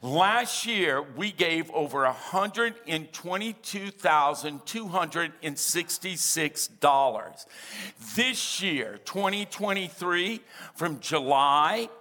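A man preaching from the pulpit in a bright, forceful voice that sits a little high. He keeps a lively call-and-response going, asking the congregation for amens. He slips humorous asides into the sermon. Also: takes it slowly. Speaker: pastor.

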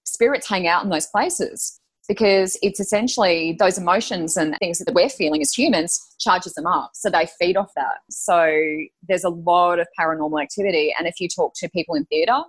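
A woman, a podcast guest telling personal stories in a lively, emotional way. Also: lowish voice, a little fast, breathy edge. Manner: animated, emotional storytelling. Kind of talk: casual storytelling chat.

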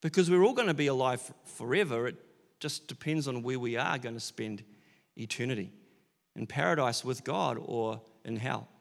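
A man's voice: mid-range voice, animated, normal speed, gravelly, long reverb tail. A man preaching an Easter sermon, earnest and building to emphatic declarations, with casual asides and fillers. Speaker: pastor.

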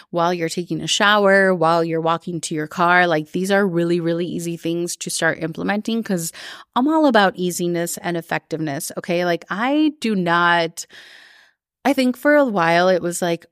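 A woman with a slightly low voice talks to her listeners in a loose, chatty way. She fills her sentences with "like" and coaches them toward what they want. The sound is dry and close, with no room around it. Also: clear, resonant tone, no echo. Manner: chatty, lots of "like", quick put-on voices for others. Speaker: coach and podcast host. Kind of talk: casual live-recorded talk.

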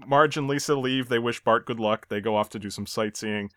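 A man's voice: medium pitch, brisk, a bit bright, clean tone, no echo. Guy hosting a podcast, walks thru the plot bit by bit, laughs at the jokes, super dry no room sound. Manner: narrates the plot step by step, chuckling at gags. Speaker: podcast host. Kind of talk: casual episode recap chat.

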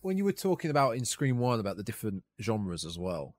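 A man co-hosting a horror film podcast, talking in a casual, animated way and often restarting his sentences. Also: on the low side, fast, no room sound. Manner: animated, repeats words when starting sentences. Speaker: podcast co-host.

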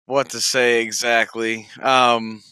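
A man chatting casually as a tabletop game player, rambling and hesitant in quick bursts. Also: mid-range voice, level tone, bright, forceful tone, clean tone, no echo. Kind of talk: casual chat between players.

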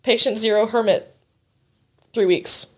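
A woman in her twenties, a podcast co-host, telling stories in casual chat, animated and laughing, swearing freely. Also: on the high side, unhurried, breathy edge.

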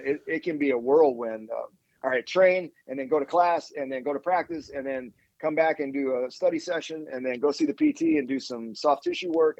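Dry lo-fi man talking in rapid lists. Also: on the high side, dry recording. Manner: energetic, run-on lists with repeated restarts. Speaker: assistant athletics director, guest. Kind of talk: podcast interview.

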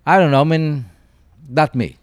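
A man, a guest chef whose first language is not English, talking in a casual podcast chat, blunt and profane, telling stories with lively broken English. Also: fairly high pitch, normal speed, dry recording, studio quality. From Canada-based chef.

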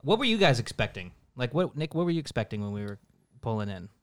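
A man's voice: medium pitch, big pitch swings, fast. A man hosting a casual chat, laid-back and slangy, laughing often. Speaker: podcast host.

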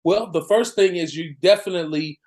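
Emphatic man guest, high voice. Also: fairly quick, darkish tone. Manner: affirming, emphatic. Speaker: podcast guest. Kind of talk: casual podcast conversation.

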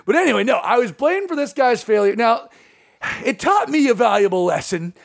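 High-voiced, gravelly male comedian host. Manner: animated, joking, quick to laugh. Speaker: podcast host and stand-up comedian. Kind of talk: casual podcast chat.

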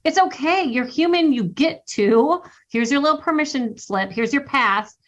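A woman's voice: high voice, lively intonation, normal speed. Earnest woman guest on dull lo-fi audio. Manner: earnest, motivational, acts out inner dialogue. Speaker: guest author. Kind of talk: interview conversation.

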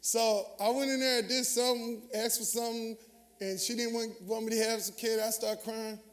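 This Southern US man preaches as a pastor in a large church sanctuary, his very high voice brisk and showing little pitch movement. He engages the congregation in call-and-response, and long hall reverb fills the recording.

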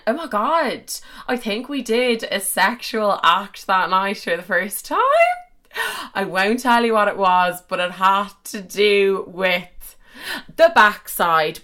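A woman's voice: medium pitch, sharp tone. Woman telling crude stories. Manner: crude, rambling, heavy swearing and fillers. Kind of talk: casual storytelling.

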